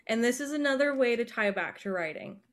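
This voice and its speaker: A young woman co-hosting a podcast in casual chat, excitable and rambling with quick asides. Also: on the high side. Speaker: podcast co-host.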